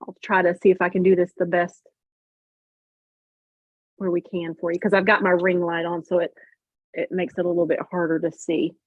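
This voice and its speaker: A woman's voice: on the low side, level tone, moderate pace, long pauses, breathy edge, dry recording, phone-quality sound. A woman hosting a casual livestream, explaining step by step with lots of fillers. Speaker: host. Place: home sewing room on a video call.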